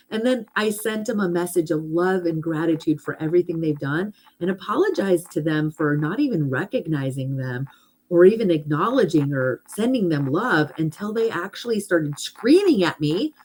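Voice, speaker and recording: A woman's voice: fairly low pitch, a little mellow, rough recording. A middle-aged woman chatting casually and animatedly about affirmations and self-love, with lots of fillers. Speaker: host, hypnotherapist.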